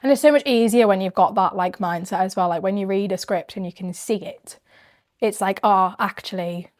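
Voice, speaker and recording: A woman with a Yorkshire accent hosting a podcast in a casual, chatty way, quick to laugh. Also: mid-range voice, a little mellow. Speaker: podcast host.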